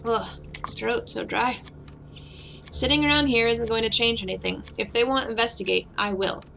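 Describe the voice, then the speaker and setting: A woman's voice: fairly high pitch, fairly even intonation, moderate pace, vocal fry, background noise. A woman reading the lines of a weary, bitter woman detective in a game, in a sardonic tone over background music.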